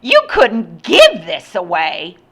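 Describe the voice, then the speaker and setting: Miriam, a woman doing a shrill screechy mother. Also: wildly swooping pitch, slow pace, gravelly, a bit bright, full character voice.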